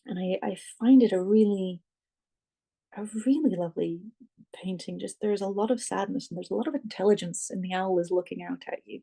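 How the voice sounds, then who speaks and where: Author guest in an interview, super gravelly voice, kinda husky, keeps pausing with ums while thinking it through. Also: mid-range voice, mellow. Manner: thoughtful, searching for words, many fillers. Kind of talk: reflective interview talk.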